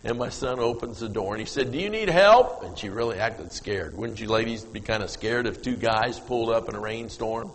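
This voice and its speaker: A middle-aged man preaching a sermon as pastor, telling a story and moving from hushed asides to loud, emphatic peaks. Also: lowish voice, fairly even intonation, brisk, few pauses. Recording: long reverb of a church hall.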